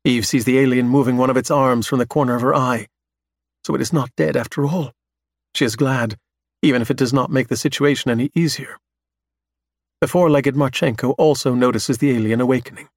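A man narrating a science fiction audiobook in a steady, measured manner. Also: medium pitch, vocal fry, no echo, studio quality. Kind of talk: scripted narration.

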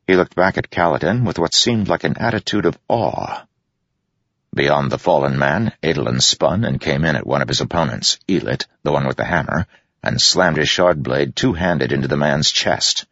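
An audiobook narrator with a very deep, gravelly voice reads a scripted fantasy story in a steady, measured way. The recording is dull, lo-fi and dry, with no room sound.

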